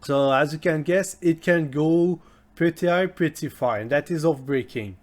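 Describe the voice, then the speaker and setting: A man whose first language is French, hosting a history explainer in a casual spoken style and often restarting and correcting himself. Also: on the high side. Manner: slow and halting, many restarts and self-corrections. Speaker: history video host.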